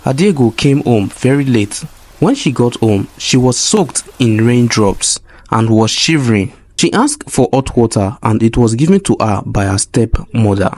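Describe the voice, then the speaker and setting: A man narrating a folk tale in an expressive, plain storytelling manner. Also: medium pitch, unhurried.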